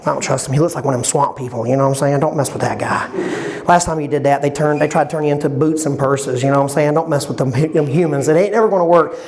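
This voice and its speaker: A man's voice: a little high, quick pace, darkish tone, voice pushed down, lightly acted. A man voicing a group of sassy, wary female alligator friends in a stand-up bit. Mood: suspicious.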